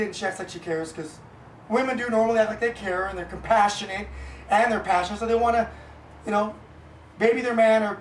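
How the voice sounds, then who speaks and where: A man's voice: high-pitched, fairly quick, a little hiss or hum. A young man who is a comedian, telling stories in a casual, rambling and blunt way, with crude words and frequent check-ins. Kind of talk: casual comic storytelling. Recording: roomy echo, mic at a distance, faint ambience.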